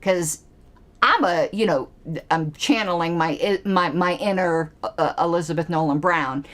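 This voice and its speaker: A woman giving political commentary in a vlog, sarcastic and fond of mocking rhetorical questions. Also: measured pace. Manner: animated, with sudden pitch jumps.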